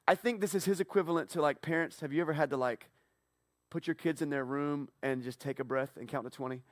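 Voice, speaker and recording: A man preaching a casual sermon, retelling a Bible story playfully and acting out the characters in quick asides. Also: on the high side, no room sound, studio quality. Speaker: pastor. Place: church.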